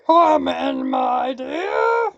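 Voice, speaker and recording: A woman voicing a sly, hungry male wolf in a storybook, with a scratchy, growling, loud delivery. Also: high-pitched, animated, very slow, vocal fry, no echo, lo-fi sound, exaggerated voice. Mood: sly menace.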